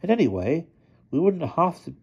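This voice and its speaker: A man reading aloud, voicing a quiet, intense teenage boy who speaks slowly and with weight. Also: on the high side, very animated, vocal fry, breathy edge, highs cut off, voice pushed up, exaggerated voice. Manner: slow, measured, intense.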